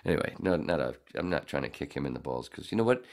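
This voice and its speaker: A man's voice: rumbling low, lively intonation, fast, darkish tone. A man telling a rambling, profane story in casual chat as a podcast co-host.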